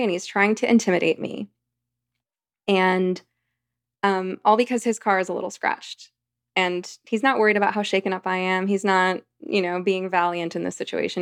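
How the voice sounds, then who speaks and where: A woman's voice: mid-range voice, no room sound, clean studio sound. A woman, a podcast guest, telling a long personal anecdote in a rambling, vivid conversational way. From United States. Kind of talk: storytelling in conversation.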